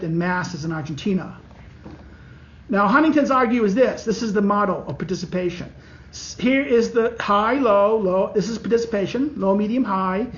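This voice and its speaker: Male professor with a high voice, halting lecture style, recorded muffled in a classroom. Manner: halting, many restarts and fillers, walks through diagrams. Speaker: political science professor.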